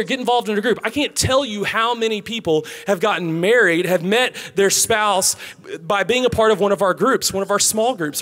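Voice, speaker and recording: A man in his thirties delivers a relaxed, conversational sermon to a young crowd, his voice sitting a little high. He mixes personal stories with direct, friendly advice. Soft music plays faintly underneath. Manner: casual, conversational preaching with storytelling. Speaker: pastor.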